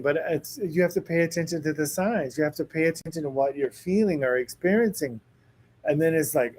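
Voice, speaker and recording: A man's voice: fairly high pitch, fairly quick, slight background noise, low-quality recording. A man, a psychic medium, telling a story in casual chat and acting out the lines of the people in it. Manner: animated storyteller who acts out quoted dialogue.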